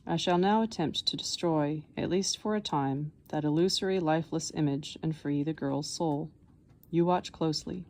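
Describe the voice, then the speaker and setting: A woman reading the part of a soft-spoken, patient old man in an audiobook, explaining things calmly. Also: low-pitched. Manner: calm, unhurried explaining.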